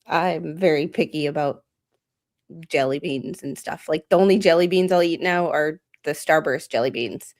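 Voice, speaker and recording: Guest, female, lowish voice, blunt and self-mocking, casual chat. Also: moderate pace, a little mellow. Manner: blunt, self-deprecating, chatty. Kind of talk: casual group chat on a stream.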